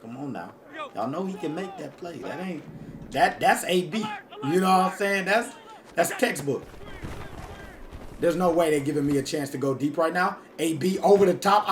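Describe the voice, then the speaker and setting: A man's voice: a little high, expressive, normal speed, a little hiss or hum. A man doing casual, hyped commentary over his own video game, talking straight to his viewers in slangy speech. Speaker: gaming YouTuber.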